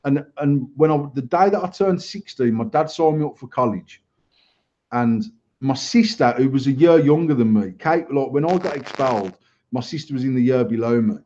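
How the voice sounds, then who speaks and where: An English podcast host in his thirties or forties tells a crude story in casual chat, swearing constantly. His mid-range voice has a dark tone, lively intonation and a moderate pace, captured in a dull lo-fi recording.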